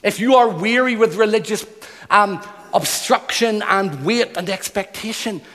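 A preacher voicing God's gentle invitation. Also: male voice, high-pitched, unhurried. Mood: tender invitation. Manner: soft, inviting, repetitive. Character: God inviting weary people, gentle and tender. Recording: long hall reverb.

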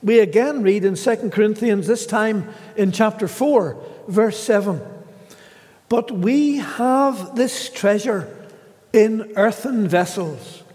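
A man preaching a sermon in a slow, measured way, pausing often and voicing the scripture quotes he reads. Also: sits high, darkish tone, long reverb tail.

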